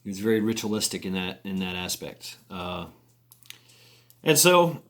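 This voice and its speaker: A man's voice: sits low, sing-song, normal speed, fairly bright tone. A man telling a long story in a casual, rambling way, with many restarts and chuckles.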